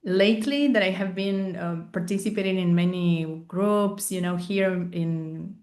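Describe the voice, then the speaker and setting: A woman's voice: fairly low pitch, unhurried, a little mellow, reverberant. A woman reflecting somewhat hesitantly during a panel discussion over a video call.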